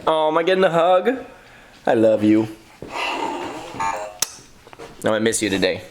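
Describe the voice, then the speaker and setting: Playful, lively-voiced dad cheering his kids on. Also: on the high side, slow pace, background noise. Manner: playful, affectionate, encouraging. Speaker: father and vlogger. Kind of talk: casual family vlog chat.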